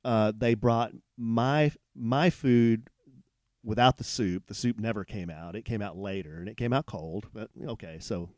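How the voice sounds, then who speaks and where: A man co-hosting a podcast from a hotel room, telling a long anecdote in a rambling, animated way with many restarts. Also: fairly low pitch, measured pace, no room sound, clean studio sound. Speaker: podcast co-host. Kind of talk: casual storytelling chat.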